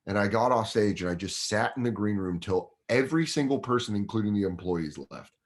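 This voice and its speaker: Low-voiced man telling a profane story. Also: brisk. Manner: profane, animated, acts out other people's voices. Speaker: guest comedian. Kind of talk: casual storytelling.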